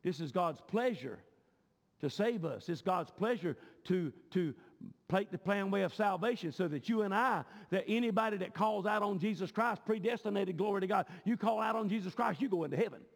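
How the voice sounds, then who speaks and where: A man preaching a sermon, often shouting with a rising cadence. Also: sits high, lively intonation, moderate pace, creaky. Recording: long hall reverb.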